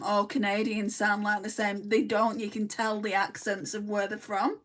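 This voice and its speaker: A beauty vlogger from Lancashire, England, speaking with a Lancashire accent, chats bluntly as she does her makeup and answers viewer comments. Her medium-pitched, fairly bright voice is flat and moderately paced with hardly any pauses, and she sounds a little distant from the mic.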